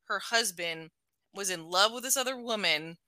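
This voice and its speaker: A middle-aged woman talking casually about a book, animated, laughing often and full of "like" fillers. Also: medium pitch, normal speed, no room sound.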